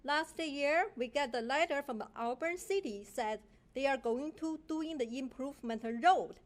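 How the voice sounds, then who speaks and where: A woman with a Chinese accent speaks at a council podium, her voice set high. She is indignant and accusing, and her English is halting and broken. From China. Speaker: public commenter. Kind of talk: public comment at a council meeting. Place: council chamber.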